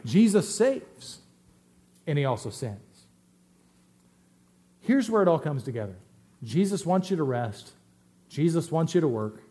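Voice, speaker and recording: Middle-aged male pastor, emphatic sermon delivery with sudden loud and soft turns, voice a little high. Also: big pitch swings, unhurried, pauses often. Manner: emphatic, swings between loud stresses and quiet asides.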